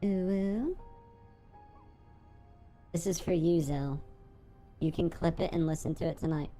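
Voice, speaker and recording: A man's voice: on the high side, mellow, soft background music, pitched above the performer's own voice. A man using a voice changer to play a teasing, mock-seductive female streamer persona, drawing out each word. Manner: slow, drawn-out, mock-seductive delivery.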